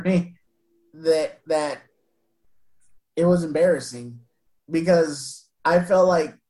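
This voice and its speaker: A man telling an emotional personal story in an interview, earnest and halting, with frequent restarts and soft laughs. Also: fairly high pitch, low-quality recording. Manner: retells exchanges by voicing both sides.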